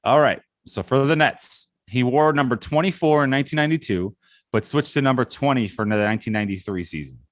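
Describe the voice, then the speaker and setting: Excitable male podcast co-host, dry sound. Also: a little fast, no room sound. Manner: excitable, rattles off lists with rising pitch. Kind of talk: casual sports chat.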